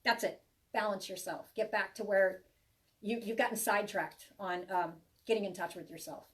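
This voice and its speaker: A woman's voice: medium pitch, fairly even intonation, moderate pace, far from the mic. A woman giving a live tarot reading to viewers, chatty and reassuring, rambling with many restarts. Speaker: tarot reader.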